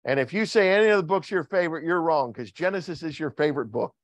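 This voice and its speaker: Speaking fast, a pastor delivers a church sermon captured dry on a video call recording. He jokes, quizzes the congregation, and swings his pitch in lively fashion.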